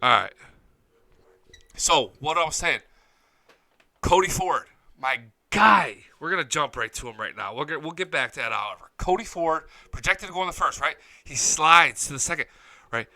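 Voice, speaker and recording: A man's voice: a little high, animated, normal speed, gravelly, pushed and bright, dry recording, poor audio. Hyped, swearing male sports show host. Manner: hyped, profane, jumps between topics. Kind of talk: live-streamed sports talk. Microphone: studio mic, close and dry.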